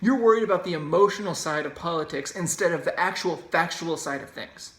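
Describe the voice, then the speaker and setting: A man's voice: a little high, a little fast, a bit bright. A man hosts a solo opinion podcast and argues his points emphatically, in a ranting, insistent way. His voice carries a noticeable echo from the room around him. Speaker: podcast host. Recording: roomy echo.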